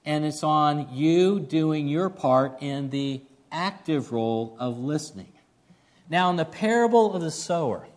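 A man preaching a sermon, reading scripture aloud and then explaining it with earnest direct questions to his listeners. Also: high-pitched. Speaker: pastor.

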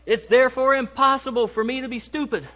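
Pompous put-on Southern drawl, done by a man; higher and slowed, muffled recording. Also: fairly even intonation, sharp tone. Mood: mock-pompous. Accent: put-on American Southern.

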